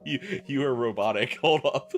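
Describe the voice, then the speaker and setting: A man's voice: medium pitch, normal speed, faint music behind. A man hosting a live stream with a headset, chatting loosely with his viewers and a guest. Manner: loose and profane, thanks viewers, talks with a guest on a call. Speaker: streamer host. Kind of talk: casual live-stream chat.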